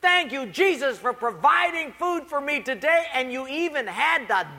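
A man voicing a poor, devout old woman who gives thanks in a high, drawn-out, lilting voice. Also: lively intonation, pushed and bright, long reverb tail, heavily acted. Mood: grateful praise.

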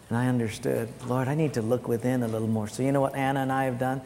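A man preaching as a pastor, telling personal stories in an animated way and loudly acting out the voices in them. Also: medium pitch, fast, few pauses, a little hiss or hum. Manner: animated storytelling with loud acted quotes. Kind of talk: sermon. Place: church sanctuary. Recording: long church-hall reverb, faint music.

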